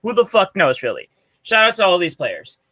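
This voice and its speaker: A man's voice: sits high, huge pitch swings, normal speed, bright, forceful tone. A man co-hosting a podcast, telling a story in loose, profane, enthusiastic casual chat. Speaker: podcast co-host presenting a segment.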